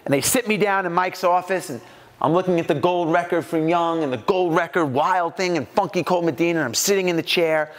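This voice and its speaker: A man from New York giving an animated storytelling talk at a business mastermind and acting out the voices in his anecdotes. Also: a little high, fairly quick, in a large hall. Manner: animated, acts out quoted voices.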